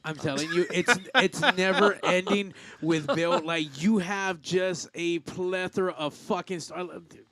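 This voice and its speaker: A man's voice: high voice, fairly even intonation, a little slow, few pauses, a crowd in the background. A man hosting a casual podcast chat who reacts to the stories with enthusiasm and laughter. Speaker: podcast host.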